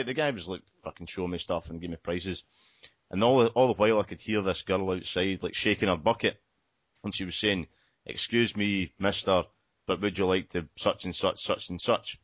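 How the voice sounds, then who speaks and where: A man with a very low voice tells a rambling story, restarting his sentences and swearing as he goes. The sound is dry and close, with a dull, muffled lo-fi quality. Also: fast talker, a bit bright, no room sound. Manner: rambling, repeats words, swears often. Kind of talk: casual storytelling chat.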